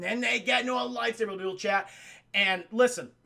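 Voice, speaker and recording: High, gravelly streamer man. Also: moderate pace. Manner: profane, animated, laughs often. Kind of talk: casual film recap to live chat.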